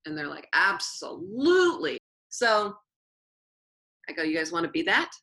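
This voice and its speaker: A woman teacher telling stories in an interview, earnest and animated, with frequent restarts. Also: deep voice, normal speed, low-quality recording. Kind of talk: interview storytelling.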